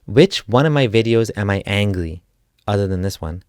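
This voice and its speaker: A man's voice: on the low side, animated, normal speed, a little mellow, smooth, no echo, clean studio sound. A man delivering a sarcastic, point-by-point rebuttal in a scripted video monologue. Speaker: ex-Muslim YouTuber. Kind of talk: argumentative response monologue.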